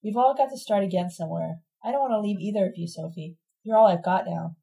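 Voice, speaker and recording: A woman's voice: mid-range voice, fast, gravelly, dark tone, natural voice. Woman reading as Ted, a sad weary young man.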